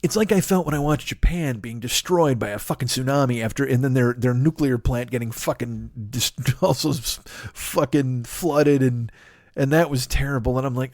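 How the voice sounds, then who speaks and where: A man in his forties, host of a comedy podcast, rambling through a profane, animated monologue with lots of asides. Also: mid-range voice, moderate pace, no echo, studio quality. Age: 40s.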